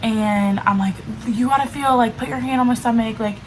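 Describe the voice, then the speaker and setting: Speaking fairly quickly in a fairly high pitch, a woman in her twenties casually shares a personal story on camera, filling her talk with "like." It's a rough recording, with faint background noise and audio that drops in and out.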